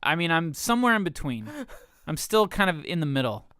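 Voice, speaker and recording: A man's voice: on the high side, sing-song, a little fast, fairly bright tone, clean tone, no echo, clean studio sound. An American man co-hosting a podcast, rambling and self-deprecating in casual chat, swearing often. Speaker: podcast co-host.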